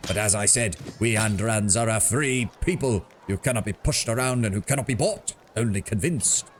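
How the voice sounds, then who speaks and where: A man's voice: on the low side, moderate pace, faint music behind, close to an everyday voice. A man voicing a pompous, proud male mercenary captain with a put-on British accent and grand, boastful speech.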